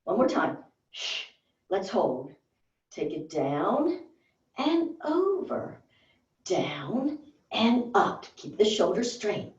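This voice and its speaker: A woman fitness instructor calls out brief, encouraging cues in a high, lively voice. She paces the counts slowly, and she sounds set back from the mic in a roomy exercise studio with a dull recording. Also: recorded from a distance. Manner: encouraging, gives short counted movement cues. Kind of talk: guided workout cueing.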